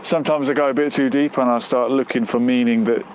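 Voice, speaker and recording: A man's voice: mid-range voice, steady tone, fast, darkish tone, slight background noise, rough recording. A man hosting a casual live stream outdoors near a road, reading out viewer comments and musing aloud with lots of fillers. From United Kingdom.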